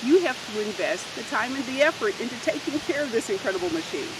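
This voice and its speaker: An animated woman gives a health and fitness lesson to children, stressing words and asking them questions directly. Her voice sits a little high. A steady hiss runs under the recording, which was made outdoors. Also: fast talker. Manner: animated, emphatic, addresses kids directly. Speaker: health and physical education teacher.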